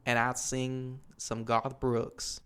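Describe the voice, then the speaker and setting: A country southern farm guy with a broad drawl, as a man puts him on for laughs. He boasts loudly and slowly about barn life and bar nights. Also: mid-range voice, monotone, clear, resonant tone. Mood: boastful. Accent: American Southern.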